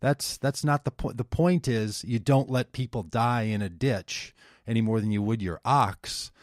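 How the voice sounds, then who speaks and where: Low-voiced reflective man. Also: normal speed, no echo, clean studio sound. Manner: reflective, thinking aloud. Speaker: host. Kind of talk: casual conversation.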